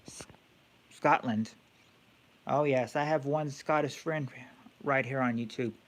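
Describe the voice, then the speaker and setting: A man's voice: medium pitch, slow pace. A man hosting a casual live-stream quiz game, thinking aloud with many fillers and restarts.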